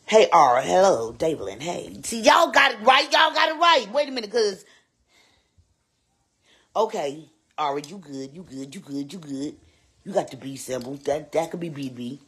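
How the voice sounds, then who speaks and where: Playing a loud, teasing babysitter who is sassy and vain, a performer in a live-streamed skit repeats lines and swoops into squeals. The medium-pitched voice is husky and expressive, at normal speed.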